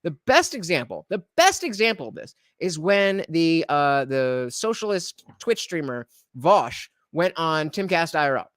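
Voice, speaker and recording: A man's voice: on the high side, big pitch swings, a little slow, hardly any pauses, fairly bright tone, dry recording, clean studio sound. A man hosting a livestream reaction, talking in a rambling casual way with many fillers and restarts.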